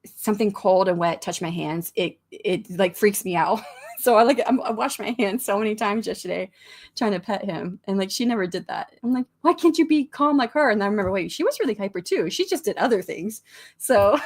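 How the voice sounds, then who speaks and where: A woman's voice: mid-range voice, expressive, fairly quick, a little mellow. A middle-aged woman hosting a livestream, chatting casually, reading out comments and rambling with frequent restarts and small laughs. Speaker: livestream host of writing sprints.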